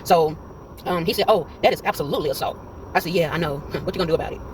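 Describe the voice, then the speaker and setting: Brief: man in his 40s, vlogger recounting a run-in, very rapid delivery, animated, plays every side of the conversation. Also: a little high, noisy background. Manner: animated retelling that acts out quoted dialogue. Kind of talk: casual storytelling vlog. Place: in a parked car.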